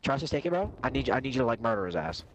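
A man in game voice chat, talking rapidly with crude trash talk. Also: medium pitch, very animated, a crowd in the background. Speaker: rival player in voice chat.

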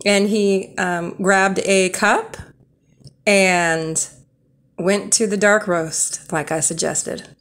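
A woman's voice: mid-range voice, steady tone, extremely slow, fairly bright tone. Rambling young woman telling stories. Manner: rambling, many fillers and restarts. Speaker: storyteller. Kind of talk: casual true-story vlog.

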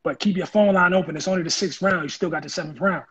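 Man, high voice, husky, animated storytelling, dull lo-fi recording. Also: fast talker. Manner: animated, acts out quoted voices. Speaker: interview guest, former football player. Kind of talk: casual storytelling.

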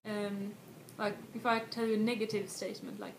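A woman from Sweden, giving a casual video language lesson and explaining slowly with frequent restarts and spoken examples. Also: mid-range voice, little pitch movement. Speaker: language tutor. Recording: echoey room with faint noise.

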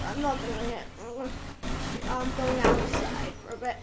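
A woman's voice: sits high, moderate pace. A woman playing a video game role-play, talking casually and exclaiming often with squeamish oh and ugh sounds. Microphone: desk mic. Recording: loud background noise.

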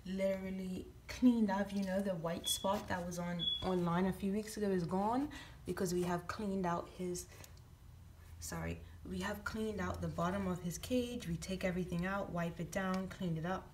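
A woman's voice: fairly low pitch, steady tone, normal speed, darkish tone, slight background noise. A woman talking casually at home, explaining things step by step with many ums and restarts. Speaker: vlogger and pet owner.

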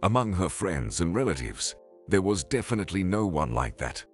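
A man narrating a scripted story in an expressive storytelling manner. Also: deep voice, moderate pace. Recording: faint background music.

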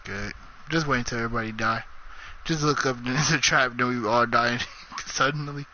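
A man's voice: mid-range voice, normal speed. A young man, gaming with a friend, mumbling laid-back. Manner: laid-back, mumbling, bursts of panicked yelling. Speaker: gamer. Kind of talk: casual gaming banter. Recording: dull lo-fi with faint noise.

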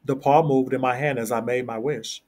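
A man's voice: medium pitch, fairly even intonation, moderate pace, a little mellow, lightly acted. A man reading as a frightened old father.

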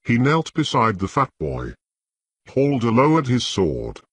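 A man reading an audiobook in measured, scripted narration with a husky voice. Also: medium pitch, wildly swooping pitch, no room sound.

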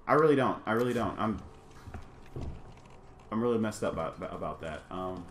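A man's voice: lowish voice, expressive, moderate pace, pauses often, roomy sound, faint music behind. A man hosting a let's play, jumpy and easily startled, repeating himself and bantering with viewers. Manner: chatty with an exclamatory, self-deprecating banter. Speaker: gaming channel host.

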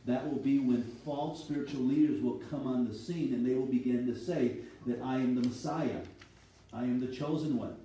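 A pastor with a warm, medium-pitched voice preaches a sermon in a church sanctuary, teaching steadily and reading scripture aloud. He sits far from the mic, so the sound is echoey and off-mic, with a little hiss or hum.

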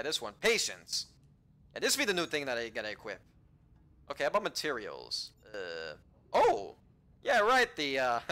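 A man giving casual let's-play commentary, rambling to himself with frequent restarts, swearing and sudden excited outbursts. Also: medium pitch.

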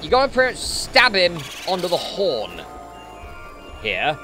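Excitable gamer, lively voice. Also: male voice, high-pitched, unhurried, over music. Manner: excitable, jokey, talks back at the game. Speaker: let's play gamer. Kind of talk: let's play commentary.

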